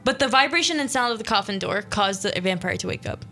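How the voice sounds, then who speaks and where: A woman's voice: medium pitch, expressive, quick pace, sharp tone, faint music behind. A young woman hosting a casual radio show, chattily reading out an interactive scary story and breaking off to comment. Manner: chatty, self-interrupting, reads the story aloud.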